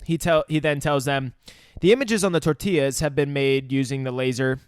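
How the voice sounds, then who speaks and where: A man's voice: medium pitch, fairly quick, clean tone, no echo, studio quality. A man casually recapping a film on a podcast, swearing, laughing and acting out the characters' lines. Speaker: podcast host. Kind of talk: casual movie recap chat.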